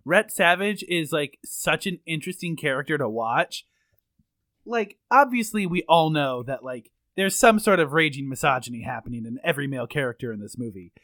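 A man's voice: fairly high pitch, animated, normal speed, fairly bright tone, no echo. A man co-hosting a casual movie review chat, thoughtful and careful to qualify his points. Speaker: podcast co-host.

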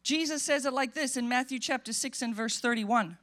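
Woman pastor, high-pitched, emphatic animated sermon delivery in a church. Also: moderate pace. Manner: animated, emphatic preaching with acted-out quotes.

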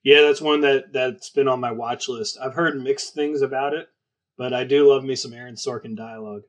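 A married man co-hosting a casual film podcast, easygoing and quick to laugh. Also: medium pitch, fairly even intonation. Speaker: podcast co-host.

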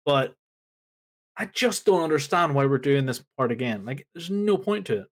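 A man's voice: on the high side, lively intonation, normal speed. Emphatic man ranting on a podcast. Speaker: podcast co-host. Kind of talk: casual wrestling podcast chat.

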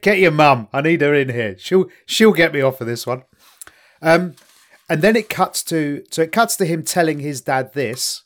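A man co-hosting a casual podcast, bantering in an expressive, self-mocking way. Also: a little high. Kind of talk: casual chat.

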